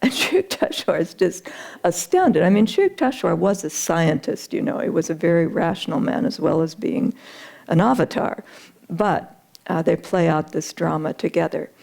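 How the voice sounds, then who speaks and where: Woman, spiritual teacher, relaxed gravelly voice, earnest storytelling. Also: on the low side, moderate pace. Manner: earnest retelling with frequent uh and you know.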